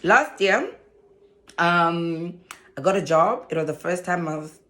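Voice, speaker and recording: At a measured pace and fairly low pitch, a South African woman vlogs to camera in a casual way. A social worker by trade, she's an animated storyteller who keeps breaking into laughter.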